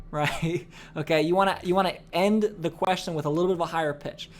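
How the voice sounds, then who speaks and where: A man's voice: sits high, a little fast, faint music behind. A young man giving a casual sales training talk, rambling with lots of fillers and frequent "okay?" check-ins. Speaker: course instructor.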